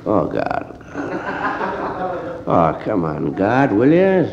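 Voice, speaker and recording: A man's voice: on the low side, wildly swooping pitch, very slow, creaky. Stammering hungover man on a comedy record. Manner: groggy, stammering, sheepish hungover rambling. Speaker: stand-up comedian. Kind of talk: one-sided phone call comedy monologue. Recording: roomy, dull, hissy old vinyl live recording.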